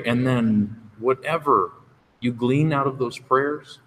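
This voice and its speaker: A man's voice: medium pitch, fairly even intonation, measured pace, a bit bright. A man giving a frank, conversational personal testimony at a recovery meeting, speaking from a podium. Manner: conversational and frank, acts out quoted voices. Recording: reverberant room with faint background noise.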